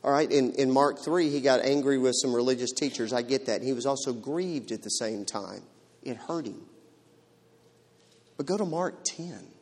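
Dramatic preacher in a reverberant hall. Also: male voice, mid-range voice, normal speed. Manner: dramatic, shifting from loud to hushed. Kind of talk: sermon.

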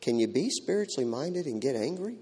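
A man preaching a sermon in a dramatic way, swinging from loud to hushed. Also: medium pitch, big pitch swings, fairly quick, breathy edge. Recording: long hall reverb.

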